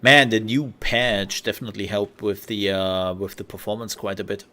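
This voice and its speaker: A man's voice: fairly low pitch, fairly even intonation, normal speed, pushed and bright. A man casually commenting while streaming a video game, playful and rambling, joking to himself.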